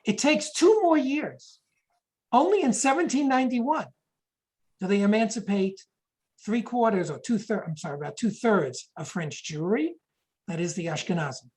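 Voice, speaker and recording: A woman's voice: medium pitch, lively intonation, moderate pace, darkish tone, poor audio. A woman giving a history lecture, explaining points and reading quotations aloud, sometimes correcting herself mid-sentence.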